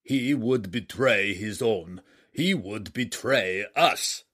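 Booming, blunt giant king for a storybook, voiced by a man reading aloud. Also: expressive, slow, fairly bright tone, exaggerated voice. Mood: growling. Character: gruff one-eyed giant warrior king.

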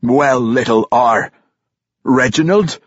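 A man voicing a gruff, stern male dwarf king who shouts and scolds in a dwarven dialect. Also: medium pitch, slow, dry recording, muffled recording, voice pushed up. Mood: growling.

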